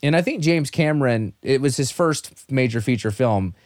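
A man's voice: mid-range voice, expressive, normal speed, a little mellow, no echo, studio quality. A man hosting a casual movie discussion podcast, talking with enthusiasm and acting out quotes. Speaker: podcast host.

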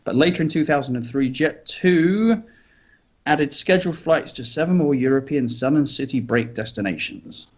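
A man's voice: on the high side, moderate pace, lo-fi sound. A man co-hosting a podcast, reading news items aloud with chatty asides and light jokes. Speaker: podcast co-host.

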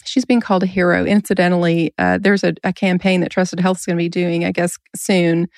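A woman's voice: fairly low pitch, steady tone, fairly quick, a little mellow, no echo, studio quality. A woman hosting a casual podcast, talking earnestly and laughing often. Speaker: podcast host.

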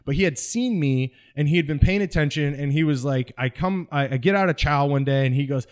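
A man from California with a fairly high speaking voice, a veteran guest on a podcast. He tells his story animatedly, laughing often and slipping into the voices of the people in his anecdotes. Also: brisk, clean tone. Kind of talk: storytelling interview.

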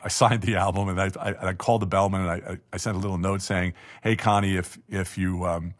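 Middle-aged male guest, low-set voice, rambling self-mocking anecdote style. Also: little pitch movement, fast talker. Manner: chatty, self-deprecating, frequent restarts and laughs. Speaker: guest telling a personal story. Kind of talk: casual storytelling interview.

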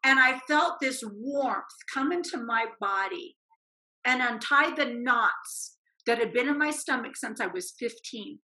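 A woman telling a personal faith testimony as a guest, animated and acting out the voices in her quotes. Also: fairly high pitch, unhurried, poor audio.

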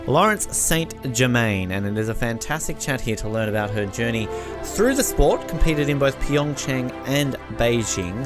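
An Australian man hosting a podcast interview, talking in an upbeat, enthusiastic and chatty way. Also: medium pitch. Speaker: podcast host.

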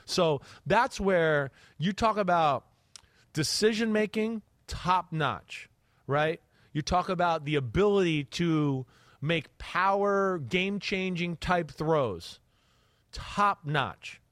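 A fairly high-voiced man talks through football film on his podcast, getting animated and acting out a quarterback's reads with little sound effects. The sound is dry and close to the mic, with no room around it. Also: slow pace, dry recording. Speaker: podcast host and quarterback analyst. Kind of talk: casual podcast chat.

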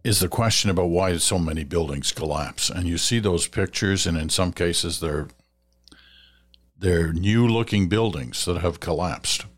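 A man with a very low voice runs a radio segment answering listener letters in a conversational, commentary style. He speaks in a measured, advice-giving way, occasionally stalling on fillers or starting a phrase over.

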